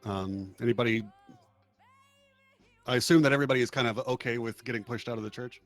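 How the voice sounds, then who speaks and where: A man narrating a tabletop game as game master, relaxed and hesitant with many fillers. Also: medium pitch, quick pace, no room sound, soft background music.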